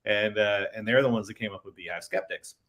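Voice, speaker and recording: A man with a Utah accent, a guest telling stories in a casual interview, chuckling and relaxed. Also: fairly low pitch, a little fast. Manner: chuckling, relaxed storyteller with restarts. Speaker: guest, founder of a skeptics group.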